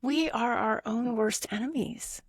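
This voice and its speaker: A woman's voice: fairly high pitch, unhurried. This is a woman doctor speaking as a guest in a podcast interview. She explains things earnestly and reaches for everyday comparisons. Her voice sounds dry and close, with no room echo. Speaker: pediatrician guest. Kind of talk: conversational interview.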